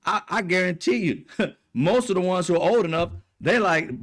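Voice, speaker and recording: A man's voice: high-pitched, expressive, moderate pace. A man delivering a heated, profane political rant, mocking and blunt. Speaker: political commentator. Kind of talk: ranting monologue.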